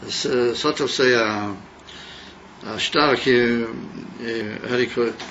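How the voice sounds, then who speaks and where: Man, yeshiva class lecture, gravelly voice, halting with fillers, dull lo-fi recording with faint hiss. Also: medium pitch, a bit bright. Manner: mixes English with Yiddish and Hebrew terms, halting with many fillers. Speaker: Torah teacher.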